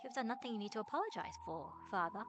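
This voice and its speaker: A woman reading aloud as a meek, devoted young woman who speaks softly and very formally, over background music. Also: medium pitch, animated, fast talker, close to an everyday voice. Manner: soft, overly polite and formal.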